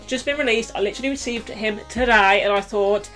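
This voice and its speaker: A woman's voice: a little high, brisk, a bit bright, soft background music. A young woman from the UK, a bubbly, self-mocking vlogger chatting casually through an unboxing, a little out of breath. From United Kingdom. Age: young adult. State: slightly out of breath.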